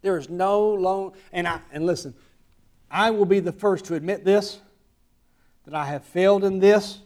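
High-voiced Southern preacher. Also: male voice, normal speed. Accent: Southern American. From American South. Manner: swings from quiet asides to loud emphatic preaching. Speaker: pastor. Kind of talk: sermon.

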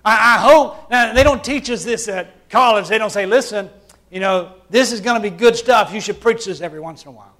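A man preaching a sermon to his church, swinging between loud, fervent passages and quiet, hushed ones. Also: sits high, a little fast. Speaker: pastor.

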